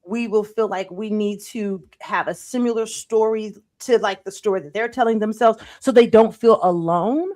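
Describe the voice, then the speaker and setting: A woman in her thirties talks casually about faith and feelings as a life coach. Her voice sits mid-range and turns animated, repeating phrases for emphasis. The sound is dry and close. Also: mid-range voice, moderate pace, few pauses, no room sound. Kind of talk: casual faith-based talk.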